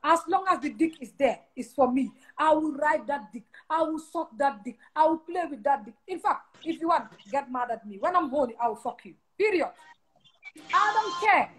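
A woman's voice: high voice, expressive, moderate pace, a bit bright, poor audio. A woman with a Gambian accent giving blunt, emphatic relationship advice in casual chat, slipping into local-language phrases. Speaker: advice giver.

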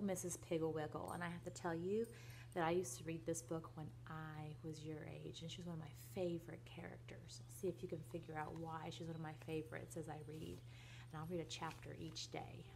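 A young woman reading a children's book aloud in a soft, gentle voice that at times drops almost to a whisper. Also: fairly low pitch, a little hiss or hum. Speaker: reader to children.

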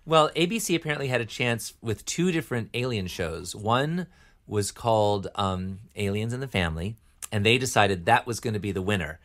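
Casting: middle-aged man, lowish voice, relaxed self-deprecating guest in a chat. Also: normal speed. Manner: good-humored, self-deprecating. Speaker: podcast guest, puppeteer. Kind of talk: casual chat.

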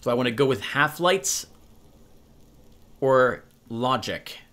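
Lively guy reading a game's narration out loud, bright voice, lots of up and down. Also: mid-range voice, slow pace. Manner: lively, reads narration and picks choices aloud. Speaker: let's-play host. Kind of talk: reading a video game aloud.

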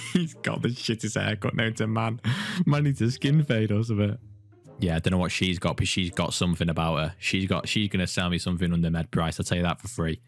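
A man's voice: low voice, huge pitch swings, a little fast, faint music behind. A young man, hosting a gaming video in sweary, jokey banter. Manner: swears freely, jokey, talks to himself while drawing. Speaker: video host.

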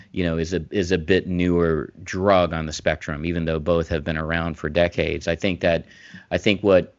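A man's voice: deep voice, no echo. A man co-hosting a casual podcast, talking in long rambling runs with many restarts that turn emphatic. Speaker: podcast co-host, former physician. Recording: dull dry remote mic sound.

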